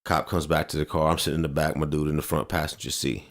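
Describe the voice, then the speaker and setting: Low-voiced male podcast co-host, relaxed and slangy storyteller. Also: quick pace. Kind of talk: casual chat.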